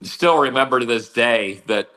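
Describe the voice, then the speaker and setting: Bright-voiced middle-aged man reminiscing. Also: medium pitch, moderate pace. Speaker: guest. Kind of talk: casual reminiscing chat.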